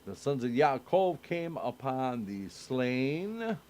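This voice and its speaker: A man teaching a Torah study, slowly reading verses and commentary aloud with frequent pauses and fillers. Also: medium pitch, sing-song, darkish tone. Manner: slow, halting reading with many filler sounds. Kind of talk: reading and explaining scripture. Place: synagogue.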